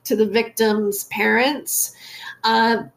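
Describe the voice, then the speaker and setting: A woman hosting a podcast, talking casually and hesitantly with many pauses and fillers. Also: on the high side, fairly even intonation, gravelly. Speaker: podcast host. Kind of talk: casual commentary.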